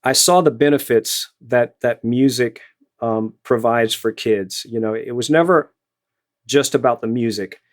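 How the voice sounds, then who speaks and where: A man's voice: medium pitch, unhurried. Middle-aged Louisiana man, retired band director, rambling friendly storyteller. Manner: storytelling, many repeated words and fillers. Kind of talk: casual interview answers.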